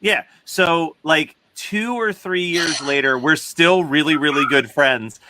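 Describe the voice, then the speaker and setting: A man with a bright, forceful, fairly high voice tells a rambling anecdote, slipping into quoted lines and laughing. The sound is dry and close. He comes across as a casual panelist on a live show. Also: slow pace, dry recording. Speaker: podcast panelist. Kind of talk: casual storytelling.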